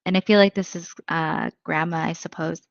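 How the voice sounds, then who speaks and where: A woman's voice: fairly low pitch, fairly even intonation, moderate pace, gravelly, dry recording, highs cut off. A woman psychic medium giving a live reading in a chatty, thinking-aloud way, full of fillers.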